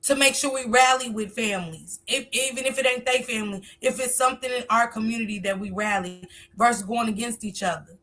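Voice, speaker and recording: Bright-voiced woman hosting a live stream. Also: fairly high pitch, fairly quick. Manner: talkative, reads viewer comments aloud and answers them. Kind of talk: casual live stream commentary.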